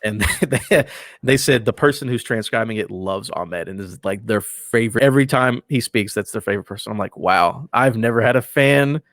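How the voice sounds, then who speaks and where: A relaxed, enthusiastic man talking as a guest in a casual podcast interview, his phrases often trailing off softly. His voice sits somewhat low. The sound is close and dry, with no room around it. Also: moderate pace, no echo.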